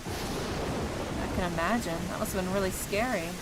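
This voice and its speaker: A woman's voice: medium pitch, unhurried, noisy background, natural voice. A woman voicing a caring, encouraging young woman in a game.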